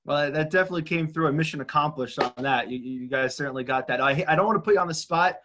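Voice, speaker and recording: A chatty man with a somewhat higher voice hosts an interview. He stumbles and repeats words as he sets up each question. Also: fast, noisy background. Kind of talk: casual interview.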